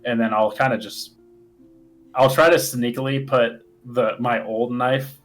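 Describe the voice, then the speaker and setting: A man's voice: medium pitch, fairly even intonation, measured pace, faint music behind, rough recording. Casual, rambling male player. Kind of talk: casual tabletop play.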